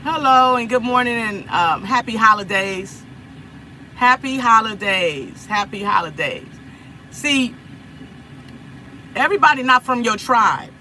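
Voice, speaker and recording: High, bright-voiced woman livestreaming. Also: animated, measured pace, pauses often, slight background noise, rough recording. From Los Angeles. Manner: chatty, repeats herself, laughs often. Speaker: livestream host. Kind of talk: casual livestream chat with viewers.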